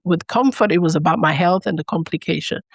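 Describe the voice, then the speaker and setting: A woman's voice: on the low side, quick pace, no echo. A woman from Leone, a podcast guest who tells her personal story earnestly. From Sierra Leone. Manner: earnest storytelling that acts out remembered dialogue.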